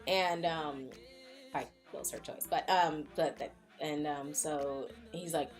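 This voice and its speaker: A woman's voice: sits low, steady tone, slow pace, faint music behind. A young woman recapping a film in a loose, rambling vlog chat, full of likes and fillers. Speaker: vlogger. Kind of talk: casual movie recap chat.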